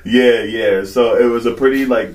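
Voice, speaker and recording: A man's voice: mid-range voice, fairly even intonation, moderate pace, darkish tone, distant mic. A man co-hosting a podcast in casual chat, laughing often and acting out voices as he tells stories. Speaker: podcast co-host.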